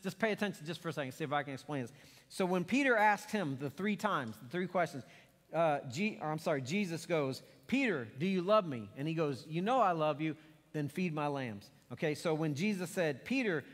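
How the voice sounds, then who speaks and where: A man's voice: on the high side, long reverb tail. A middle-aged man preaching a sermon in a church, telling stories and acting out quotes in a conversational way. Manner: conversational storytelling with acted quotes. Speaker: pastor. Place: church sanctuary.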